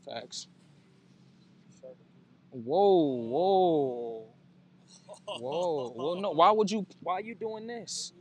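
A man hosting a reaction video, exclaiming loudly and teasing the performers in casual commentary. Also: high-pitched, animated, very slow, long pauses.

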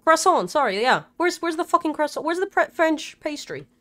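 A young woman streaming a game live. She swears a lot and swings between panicked shrieks and low mumbles. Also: big pitch swings, a little fast, a bit bright. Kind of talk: live gameplay commentary.

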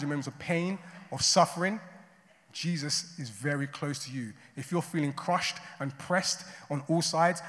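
Man preaching in a chatty, relaxed sermon style, with a big echoing hall behind his voice. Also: a little high. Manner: conversational, often adds "right?" and "you know". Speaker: pastor. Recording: long hall reverb.

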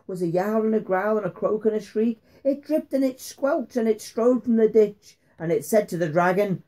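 A man's voice: high voice, mellow. Father reading a rhyming bedtime story. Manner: rhythmic, dramatic pauses, slows for suspense. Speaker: father reading to his son.

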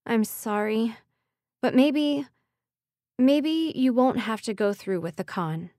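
A woman's voice: a little high, animated, takes it slowly, dark tone, dry recording. A woman voicing a young heroine who speaks earnestly and urgently, close to her own reading voice. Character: young woman heroine, desperate but determined.

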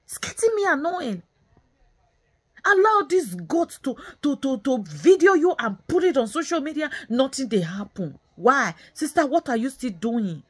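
Lady ranting mad at the camera, high husky voice jumping all over, keeps repeating herself, drops into pidgin. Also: sing-song, moderate pace, hardly any pauses. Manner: scolding, repetitive, mixes in Nigerian Pidgin. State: angry and bitter. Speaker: vlogger. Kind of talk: angry ranting commentary.

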